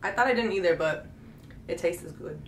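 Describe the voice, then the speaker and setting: A woman's voice: lowish voice, normal speed. A young woman vlogger chatting casually and playfully while taste-testing food, often breaking into giggles. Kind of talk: casual chat. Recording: echoey room with faint hum.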